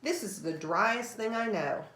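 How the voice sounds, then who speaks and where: A woman voicing a shrill, easily offended little male mouse who speaks in a fussy, indignant way. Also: lively intonation, a little slow, a bit bright. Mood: bossy. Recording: roomy echo.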